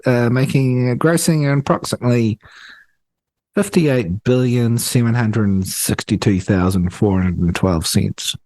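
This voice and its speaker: A man co-hosting a podcast over a remote call, cracking deadpan absurd jokes with lots of fillers. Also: mid-range voice, measured pace, dry recording. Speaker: podcast co-host. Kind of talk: casual podcast banter.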